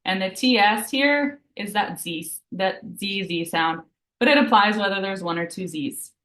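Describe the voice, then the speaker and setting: A woman teaching a live beginner Italian lesson, patiently explaining each rule and slowly repeating example words. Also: medium pitch, lively intonation, a bit bright. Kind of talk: live online language lesson. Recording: roomy echo.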